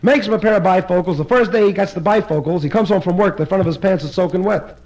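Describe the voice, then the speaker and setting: A male comedian doing live stand-up at a private party, rattling briskly through joke after joke. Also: high voice, a little mellow, rough recording.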